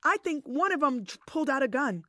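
A middle-aged woman telling a personal story in casual conversation, animated and acting out the voices of others. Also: high voice, fairly quick, no room sound, clean studio sound.

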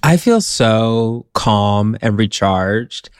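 A man co-hosting a podcast, telling stories in a relaxed, unhurried way. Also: on the low side, very noisy. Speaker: podcast co-host. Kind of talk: casual chat.

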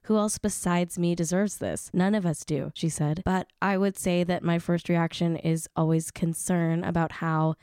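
A woman hosting a chatty celebrity news recap, gossipy with animated asides. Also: fairly low pitch, normal speed, few pauses, smooth, no room sound, studio quality.

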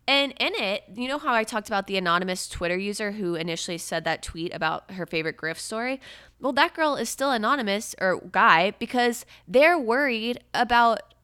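Her medium-pitched voice is expressive, bright, forceful, and smooth, moving a little fast in studio-quality audio with no echo. This young adult woman is hosting a podcast in a casual, chatty style packed with frequent "like" fillers.

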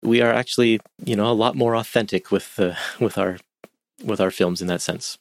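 Male podcast co-host, low and matter-of-fact, dry close mic. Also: steady tone, a little fast, no room sound. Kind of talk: casual film discussion.

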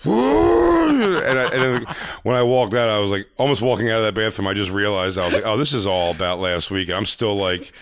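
A man's voice: on the low side, lively intonation, brisk, fairly bright tone, no echo. A man co-hosting a podcast, telling a long story in casual chat, full of fillers and acted-out quotes. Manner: rambling, filler-heavy, acts out quoted lines. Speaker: podcast co-host.

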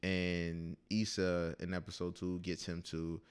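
Slangy low-voiced man chatting. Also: a little slow, clean tone. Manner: slangy, animated, acts out quotes. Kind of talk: casual chat about a TV show.

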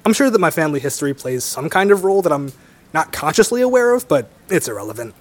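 Brief: young man telling his story, animated, slightly high voice. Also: fast talker. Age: young adult. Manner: relaxed, wry, laughs easily. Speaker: interviewee. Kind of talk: conversational interview.

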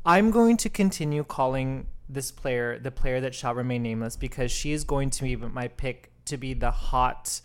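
Smooth-voiced playful male podcast co-host. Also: mid-range voice, normal speed, few pauses. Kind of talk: casual chat.

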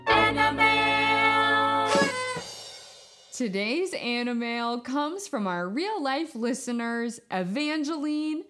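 A woman hosting a children's podcast, telling stories and jokes in a playful, expressive way. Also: sits high.

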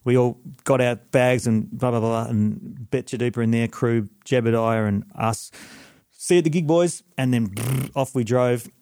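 A man hosting a podcast, chatting and telling stories quickly, often apologising for interrupting. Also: mid-range voice, flat delivery, darkish tone, clean tone, no room sound, clean studio sound. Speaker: podcast host. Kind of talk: casual chat and storytelling.

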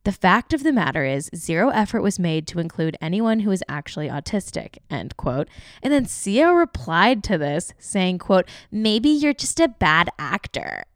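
Chatty, sarcastic woman host, low voice. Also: very animated, moderate pace, no echo, clean studio sound. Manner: chatty, sarcastic, many fillers. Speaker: podcast host. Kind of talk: casual celebrity gossip commentary.

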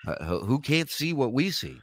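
Teasing podcast host man, lively pitch. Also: moderate pace, dry recording, clean studio sound. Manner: teasing, laughs often. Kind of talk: casual chat.

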